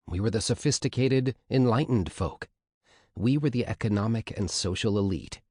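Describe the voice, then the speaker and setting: A man narrating a first-person memoir audiobook in a measured, scripted storytelling manner. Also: on the low side, darkish tone, no room sound, clean studio sound.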